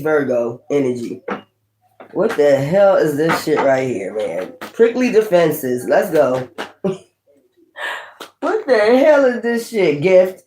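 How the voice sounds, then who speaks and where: A woman's voice: lowish voice, a little mellow. A woman giving a blunt, chatty tarot reading. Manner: blunt and chatty, with swearing and laughs. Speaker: tarot reader. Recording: echoey room.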